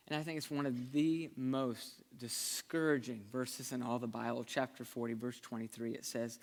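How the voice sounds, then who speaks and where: A pastor preaching a sermon in a conversational, earnest way, shifting between lively and hushed delivery. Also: male voice, medium pitch, normal speed.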